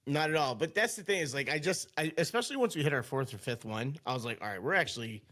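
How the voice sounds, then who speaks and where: A man's voice: fairly high pitch, lively intonation, quick pace, a bit bright. A man co-hosting a podcast, chatting in an upbeat way and laughing easily. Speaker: podcast co-host. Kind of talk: casual chat.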